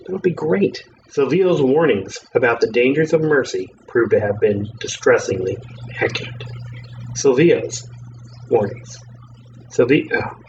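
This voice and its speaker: A man's voice: medium pitch, big pitch swings, unhurried, a little mellow. A man narrator trying out hard words between takes, wry and exasperated. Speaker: audiobook narrator. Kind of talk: recording outtakes. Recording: muffled lo-fi with faint hiss.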